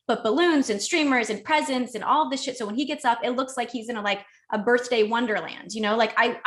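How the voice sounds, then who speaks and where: A young adult woman, a podcast guest, telling a personal story in casual conversation, animated and emotional with frequent restarts. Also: on the high side.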